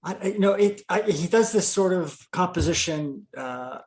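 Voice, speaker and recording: A man's voice: high voice, expressive, moderate pace. A man co-hosting a podcast, talking about comics with enthusiasm and frequent stammering restarts. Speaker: podcast co-host. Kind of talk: casual comic book discussion.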